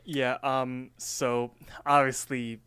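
A man's voice: mid-range voice, slow pace, clear, resonant tone. Man retelling a cartoon with voices. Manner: animated retelling that acts out the characters' lines. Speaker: podcast co-host. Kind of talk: casual recap chat.

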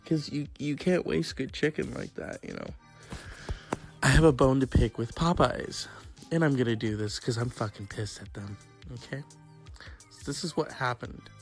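A man's voice: mid-range voice, moderate pace, vocal fry, faint music behind. A man vlogging in a casual, profane, rambling rant.

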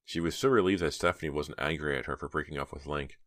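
Man reading an audiobook, extremely low voice, steady and measured, dry close sound. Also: no room sound. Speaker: audiobook narrator. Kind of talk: scripted narration.

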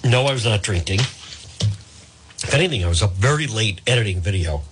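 A male radio host with a lowish, expressive voice talks quickly on live, casual talk radio against a noisy background. He battles hiccups on air and apologizes with self-mocking humor.

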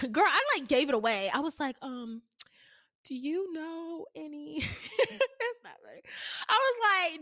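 A young woman in her twenties hosting a personal storytelling podcast, recorded close and dry with no room sound. She speaks candidly and emotionally at a middle pitch, chatting directly to her listeners as if they were friends. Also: a bit bright, dry recording. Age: 20s. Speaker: podcast host.

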